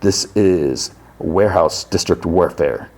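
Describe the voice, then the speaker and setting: A slow, theatrical tournament master, as a man puts him on. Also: sits low, a little mellow, exaggerated voice. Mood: grandiose. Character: grandiose male tournament host, theatrical.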